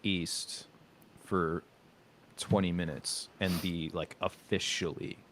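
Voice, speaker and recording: A man's voice: low voice, fairly even intonation, slow, a bit bright, a little hiss or hum. A man in his thirties chatting casually on a video call as a stream host, rambling and hesitant, often correcting himself. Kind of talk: casual chat.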